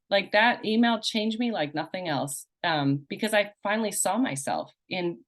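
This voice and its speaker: Middle-aged woman workshop teacher, low voice, candid and self-deprecating, talks in loose restarts. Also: brisk, a bit bright. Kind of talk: personal story in a recorded course session.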